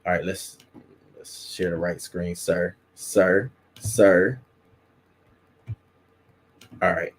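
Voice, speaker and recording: A man's voice: low-pitched, fairly even intonation, drawn-out words, long pauses, breathy edge. A man hosting a casual commentary show, chatting in a loose, profane way at his desk mic. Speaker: host.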